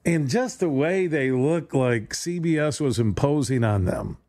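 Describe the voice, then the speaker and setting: With a voice on the high side, a man hosts sports radio in an animated, slightly slow, somewhat mellow way. He rambles through a sarcastic solo monologue, stumbling and restarting, recorded on a studio microphone with no echo.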